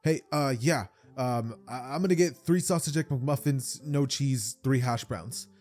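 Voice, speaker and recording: A man's voice: mid-range voice, a little slow, soft background music, close to an everyday voice. A man doing a cool, laid-back teen ninja. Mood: hesitant. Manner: relaxed, offhand.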